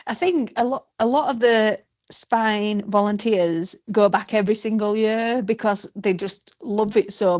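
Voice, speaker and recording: A middle-aged woman, talking freely as a guest. She rambles and pokes fun at herself, and her voice sits at an ordinary middle pitch. The sound is dry and close, with no room around it. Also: darkish tone, dry recording. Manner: chatty, rambling, self-deprecating. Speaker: guest, race participant. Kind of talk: casual interview chat.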